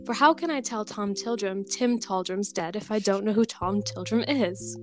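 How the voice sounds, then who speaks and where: A young woman co-hosting a podcast who reads an old folk tale aloud with lively voices for the characters, then chats casually with lots of "like" and laughter. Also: mid-range voice, normal speed, faint music behind. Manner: animated reading with voiced characters, chatty with many likes and laughs. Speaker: podcast co-host.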